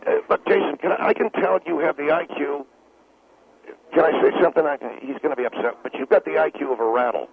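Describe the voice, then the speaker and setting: A brash man phones into a talk radio show, sneering at callers and the host alike. His voice is slightly high and gravelly. It comes through a tinny phone line with faint hiss. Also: fast. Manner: brash, condescending and insulting. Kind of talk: call-in talk radio banter.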